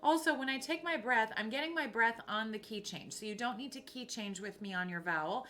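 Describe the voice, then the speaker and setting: A woman's voice: on the high side, brisk, bright, forceful tone. A woman voice teacher on a live stream who explains vowel placement and breathing and sings the vowels of each exercise. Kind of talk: live-streamed singing lesson. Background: piano.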